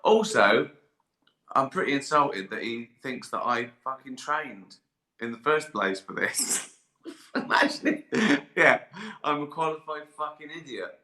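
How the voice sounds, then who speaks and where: Older man, sweary rambling chat, bright forceful voice, echoey room. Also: medium pitch, animated, a little slow. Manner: sweary, rambling, laughs often. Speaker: comedian on a live stream. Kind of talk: casual chat.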